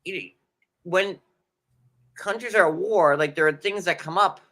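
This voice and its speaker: A man with a New York accent recaps a show in loose, rambling chat, full of fillers and jokey asides. His voice sits a little high and has a bright, forceful edge. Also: measured pace. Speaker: podcast co-host.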